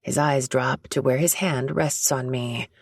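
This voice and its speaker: A woman reads a romance audiobook in the first person, soft and intimate. Her voice is husky with a gravelly creak, and the sound is dry and close to the mic. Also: extremely low pitch, fairly even intonation, measured pace, no echo. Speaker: audiobook narrator.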